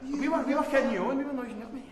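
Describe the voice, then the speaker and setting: A rowdy, out-of-breath wrestler shouts and laughs in a very high voice. He sounds distant and echoey, with a crowd somewhere behind. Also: rapid-fire. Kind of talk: backstage wrestling skit.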